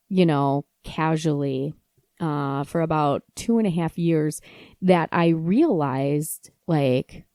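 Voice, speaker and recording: A woman in her thirties telling a story about her kids in a casual, animated way, laughing and acting out her own side of conversations. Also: sits low, no room sound, studio quality. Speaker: podcast host and mom blogger.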